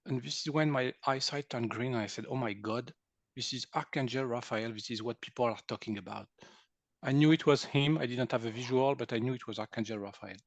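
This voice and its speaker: A man's voice: medium pitch, a little fast, dry recording. A man in his sixties from France, speaking English with a French accent, who tells his story as an interview guest, laughing often and acting out what people said. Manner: animated, laughs often, acts out quoted speech. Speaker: guest, energy healer.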